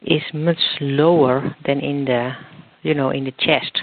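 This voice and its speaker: A man's voice: medium pitch, fairly even intonation, a little slow, gravelly, dry recording. A man being interviewed as a guest expert, explaining at length while searching for words and restarting often. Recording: tinny phone line.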